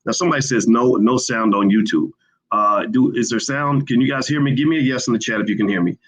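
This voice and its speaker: A man's voice: mid-range voice, fast, fairly bright tone, slight background noise, poor audio. A man hosting a casual livestream, talking in a loose conversational way with many fillers and restarts. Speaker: livestream host. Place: indoors, hotel.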